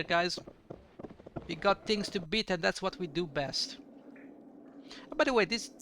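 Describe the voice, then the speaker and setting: A man's voice: high-pitched, creaky, background noise. A man hosting a let's play, giving casual, joking game commentary.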